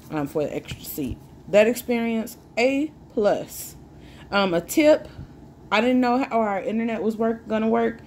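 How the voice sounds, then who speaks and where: A woman's voice: low voice, a little mellow, a little hiss or hum. A woman, chatting casually and jokingly to her viewers. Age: 20s. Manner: chatty, joking, sips a drink while talking. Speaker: vlogger. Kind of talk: casual chat to camera.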